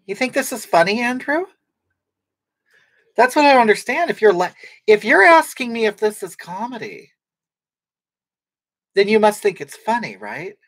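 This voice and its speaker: A woman's voice: a little high, big pitch swings, moderate pace, long pauses, husky, no room sound, full character voice. A woman playing a brash, sarcastic livestream personality who rambles and snaps back at viewers' comments. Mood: snarky. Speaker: livestream comedy character. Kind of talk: improvised comedic livestream chat.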